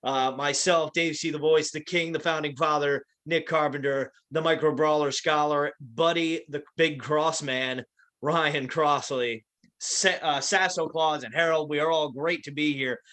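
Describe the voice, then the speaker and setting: A man's voice: on the high side, fairly even intonation, measured pace, fairly bright tone. Man hosting with announcer flourishes. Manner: playful showman, wrestling-announcer flourishes. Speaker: podcast host. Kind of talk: casual podcast chat.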